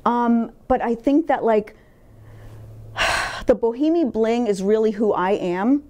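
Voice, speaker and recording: Blunt, emphatic woman with a mellow voice. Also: on the high side, takes it slowly. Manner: emphatic and blunt, swearing freely. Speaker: interview guest. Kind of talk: candid personal interview.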